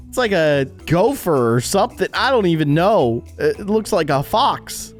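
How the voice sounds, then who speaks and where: A man doing casual reaction commentary as a YouTuber, animated, laughing and easily shocked, on a close desk mic. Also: on the high side, normal speed, few pauses, faint music behind.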